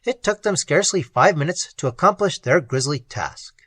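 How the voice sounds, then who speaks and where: A man reading a pulp horror story aloud as an audiobook, in a dramatic, expressive storytelling manner. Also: a little high, normal speed, no echo. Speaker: audiobook reader. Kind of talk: audiobook narration.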